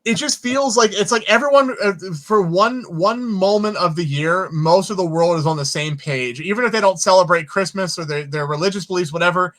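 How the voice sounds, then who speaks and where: A man who is a filmmaker guest, telling stories in an interview in an animated way and swearing casually. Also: high-pitched, a little fast, hardly any pauses. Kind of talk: storytelling in an interview.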